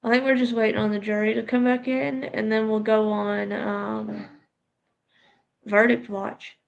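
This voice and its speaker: A woman's voice: mid-range voice, flat delivery, a little slow, gravelly, dull audio. A congested woman hosting a casual livestream, chatting to her viewers and her pets. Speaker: livestream host.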